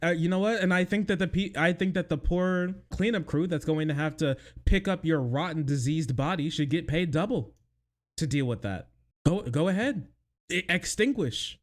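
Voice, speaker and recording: A man's voice: on the high side, normal speed. A young man streaming a mocking reaction to a video, sarcastic, laughing often and swearing. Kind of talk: mocking live reaction commentary.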